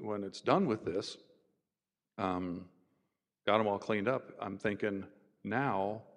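Lowish male professor, storytelling. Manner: animated, voices others in his stories. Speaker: university professor as guest. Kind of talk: conversational storytelling. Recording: roomy with long reverb.

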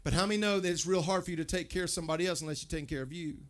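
A man delivering a sermon in a chatty, direct way, his voice sitting slightly high for a man. He keeps turning to the congregation with questions and often restarts and repeats his words as he goes. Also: rapid-fire. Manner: conversational preaching, asks the crowd questions, stammers and repeats words. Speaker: pastor.

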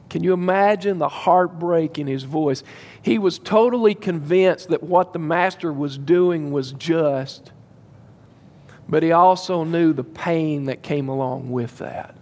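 A man preaches to his congregation with a somewhat high-pitched voice. He leans hard on his points and repeats them for weight. His voice echoes with the long reverb of a large church hall. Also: measured pace, a little mellow. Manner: emphatic, repeats key phrases, addresses the congregation directly. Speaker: pastor. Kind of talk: sermon.

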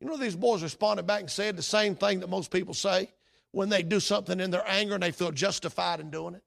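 A man preaching a sermon as pastor, impassioned, his delivery rising to shouts. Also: high-pitched, a little fast, gravelly.

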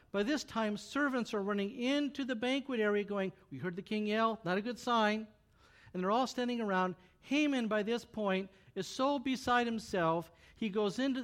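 A man preaching, retelling a Bible story in a casual, joking, animated way. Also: high voice. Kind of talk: sermon storytelling.

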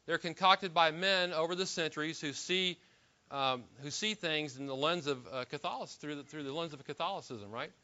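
Bright-voiced emphatic male preacher, lo-fi. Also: a little high, moderate pace. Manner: emphatic, with frequent restarts and rhetorical questions. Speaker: pastor. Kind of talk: sermon.

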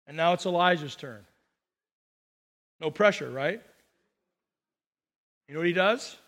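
A man's voice: a little high, unhurried, in a large hall. A man preaching a sermon as pastor, telling the story with jokes and acted-out quotes. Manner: animated storytelling, jokey asides and acted-out quotes.

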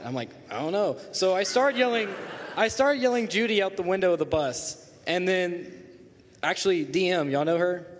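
Animated teen boy in a hall. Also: sits high, slight background noise. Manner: animated, acts out quotes. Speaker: student telling a story. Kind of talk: casual storytelling to a group.

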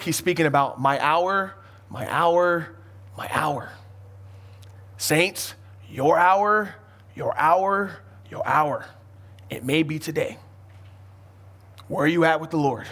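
A man's voice: fairly high pitch, a bit bright. A man pastor preaching a sermon, pressing the congregation with emphatic questions and calls of amen.

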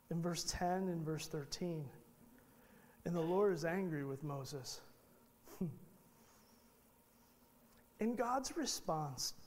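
A man's voice: fairly high pitch, a little hiss or hum. A male pastor preaching a sermon in a conversational way, full of rhetorical questions and restarted phrases. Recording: long reverb in a large hall.

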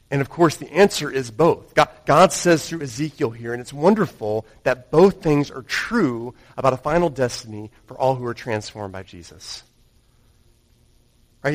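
A male pastor preaching a Sunday sermon, rising to stress points and dropping to a hushed tone. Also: medium pitch. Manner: dynamic, swings from raised emphasis to hushed intimacy. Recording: long hall reverb.

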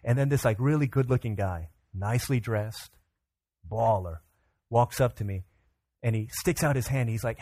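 A male pastor tells a personal story from the pulpit in a voice of ordinary pitch. He slips into the other people's lines with lively, animated delivery. The sound is close and dry, with little room echo. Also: normal speed. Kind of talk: sermon illustration storytelling. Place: church sanctuary.

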